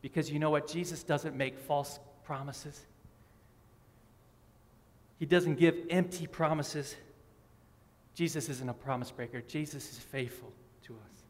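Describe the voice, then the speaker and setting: A male pastor delivers an emphatic sermon in a slightly higher-than-average voice. His words ring through the long reverb of a large church sanctuary, and he keeps asking rhetorical questions and repeating his key lines. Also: fairly even intonation, a little slow, long pauses.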